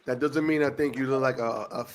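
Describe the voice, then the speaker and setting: A man hosting a podcast in casual, profane chat, laughing a lot, his voice still getting over hoarseness. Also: medium pitch, steady tone, normal speed. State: voice recovering from hoarseness. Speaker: podcast host.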